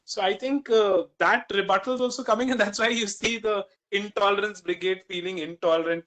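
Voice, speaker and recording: A man's voice: high voice, steady tone, a little fast, few pauses, a bit bright, poor audio. A man with an Indian English accent, speaking animatedly as an interview guest, with frequent "you know" fillers. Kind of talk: candid opinionated conversation.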